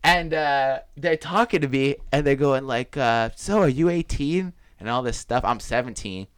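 A young man spinning a long anecdote in casual chat, slipping into the voices of the people in it. His pitch sits in the middle, and the room adds no echo. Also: steady tone, moderate pace, a bit bright, clear, resonant tone, clean studio sound. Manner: rambling storyteller, acts out quoted voices.

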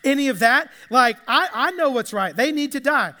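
A man's voice: very high voice, animated, moderate pace, sharp tone, full character voice. A pastor acting out a stubborn, self-pitying male prophet, whiny and sarcastic. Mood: sulky. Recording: echoey hall with long reverb.

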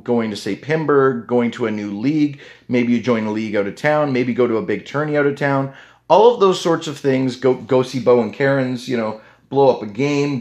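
Chatty rambling man hosting a podcast. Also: mid-range voice. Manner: rambling and chatty, with many fillers and restarts. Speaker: podcast host. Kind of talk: casual solo podcast talk.

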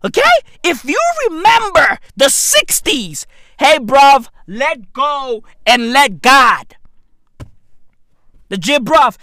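A man in his thirties delivering a brash, profane comedic rant to camera, with bursts of shouting. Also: very high voice, very animated, slow pace, no echo, clean studio sound. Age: 30s. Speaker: vlogger.

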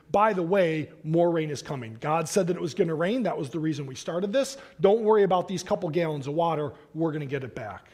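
A man preaching a sermon, reading scripture aloud and then explaining it in an animated, conversational way with casual asides. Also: fairly high pitch, breathy edge. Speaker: pastor.

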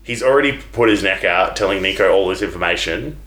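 Casual podcast co-host, man, low voice, rambling plot recap, echoey room. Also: animated, quick pace, fairly bright tone. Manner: rambling storyteller acting out characters' lines. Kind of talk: casual movie recap chat.

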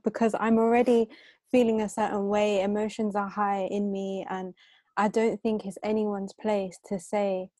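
A woman's voice: mid-range voice, a little mellow, no room sound, clean studio sound. A young woman co-hosting a podcast, talking earnestly and frankly about feelings in relationships. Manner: earnest, opinionated, self-described as very emotional. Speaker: podcast co-host. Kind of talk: casual podcast chat.

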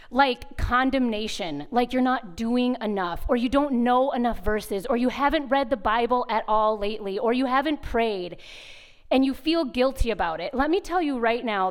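A woman speaker at a women's retreat, telling a lively personal story in a sermon and acting out sounds and voices. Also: a little high. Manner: animated, acts out sounds and voices. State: pregnant at the time, not now.

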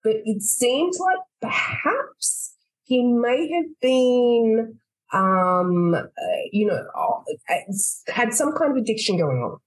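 A woman's voice: on the high side, animated, slow, rough recording. A woman co-hosting a podcast, rambling through a casual story with restarts and swearing. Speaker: podcast co-host. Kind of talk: casual chat.

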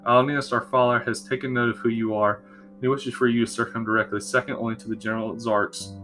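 A man's voice: medium pitch, fairly even intonation, fast talker, pushed and bright, faint music behind, close to an everyday voice. A man voicing a weary young prince who sighs and complains, reading him in his own voice. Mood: formal. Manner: sighing, complaining.

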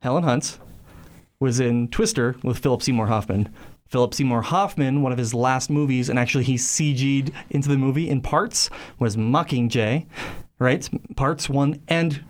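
A man's voice: medium pitch, moderate pace. A man co-hosting a comedy podcast, chatting playfully through a party game. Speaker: podcast co-host, game player. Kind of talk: casual comedy chat.

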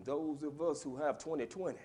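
A male preacher delivering a sermon in a church, swinging from hushed whispers to shouted lines and drawing call-and-response from the congregation. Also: on the high side, steady tone, brisk, a little hiss or hum. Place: church sanctuary.

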